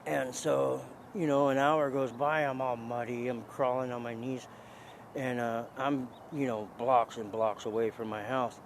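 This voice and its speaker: A man's voice: mid-range voice, little pitch movement, unhurried, gravelly, background noise. Rambling man telling a street story. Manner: rambling, with many restarts and "dude". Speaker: interviewee telling his own story. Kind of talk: casual spoken storytelling.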